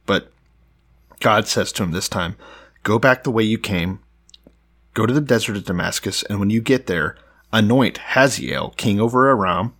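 Low-voiced man reading scripture casually. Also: a bit bright, husky. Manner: reads scripture aloud, joking and profane. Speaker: podcast co-host. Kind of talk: casual irreverent Bible discussion.

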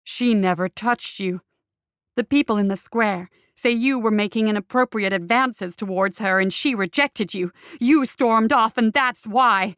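A woman's voice: medium pitch, a little slow, fairly bright tone, clean tone, dry recording, studio quality, close to an everyday voice. A woman voicing a nervous but determined young man in a storybook, speaking earnestly and insistently.

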